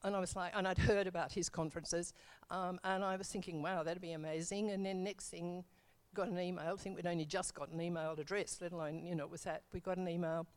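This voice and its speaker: A woman's voice: lowish voice, steady tone, fast talker, few pauses. A middle-aged woman telling her church testimony in a casual, rambling way, full of fillers and self-corrections.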